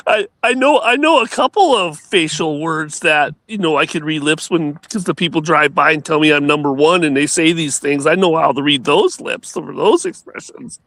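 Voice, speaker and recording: A man's voice: fairly high pitch, expressive, normal speed, fairly bright tone, dry recording. A man telling stories in casual chat on a show, rambling with many restarts and laughs.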